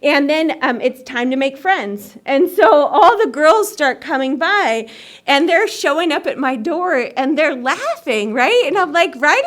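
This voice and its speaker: Woman, fairly high voice, chatty, self-mocking, recovery story at a meeting. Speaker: AA meeting speaker. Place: meeting hall.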